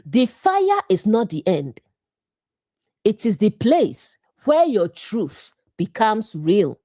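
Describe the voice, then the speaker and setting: Slow, measured woman teaching scripture. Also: mid-range voice, wildly swooping pitch, warm tone, no echo, clean studio sound. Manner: measured, deliberate phrasing in short clauses. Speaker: bible teacher.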